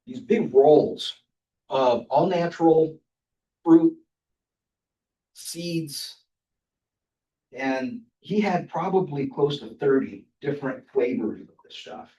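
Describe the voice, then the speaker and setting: A man's voice: mid-range voice, animated, takes it slowly, pauses often, dark tone. An older man giving a humorous speech at a club, telling travel anecdotes and chuckling between them. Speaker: club speaker. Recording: roomy sound from a distant mic.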